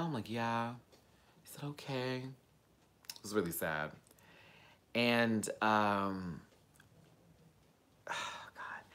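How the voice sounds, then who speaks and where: A young man vlogging casually, telling an animated story and acting out his family's lines. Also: fairly low pitch. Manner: animated, mimics family voices, laughs often.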